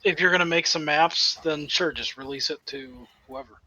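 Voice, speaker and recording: A man's voice: fairly high pitch, moderate pace, sharp tone, poor audio. A man playing a tabletop game, chatting casually and eagerly explaining the rules, often laughing. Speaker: player.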